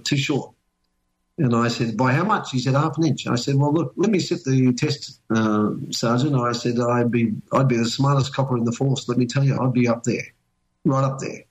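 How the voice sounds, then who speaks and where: A man's voice: medium pitch, rough recording. Older Australian bloke, chatty storyteller, wanders through his yarns. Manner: rambling anecdotal storytelling. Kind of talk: casual chat.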